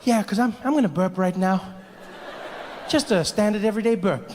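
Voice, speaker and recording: A man's own body as a sheepish character, overly reassuring and nervous, voiced by the man himself. The voice sits high and bright. A long hall reverb surrounds it. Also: moderate pace, background noise, close to an everyday voice. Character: sheepish talking human body, male.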